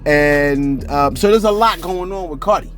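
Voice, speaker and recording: A man's voice: fairly high pitch, normal speed, a bit bright. A man hosting a celebrity news channel in casual, rambling commentary, often asking "you see what I'm saying".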